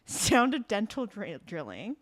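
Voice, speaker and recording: Woman in her thirties, animated recapper. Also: medium pitch, unhurried. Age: 30s. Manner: animated, acts out characters' lines while retelling. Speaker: podcast co-host. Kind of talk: casual chat recapping a drama.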